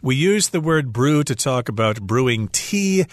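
A man co-hosts a radio English lesson and explains phrases with everyday examples. His voice sits at a middle pitch. The studio sound is dry and close. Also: lively intonation, a little slow, no room sound. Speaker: English teacher co-host.

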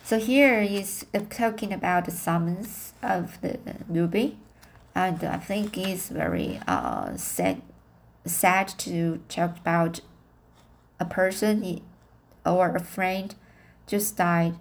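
A woman reading a novel aloud as an amateur audiobook, halting and self-correcting as she practices her English. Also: on the low side, animated, gravelly. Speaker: reader of a novel.

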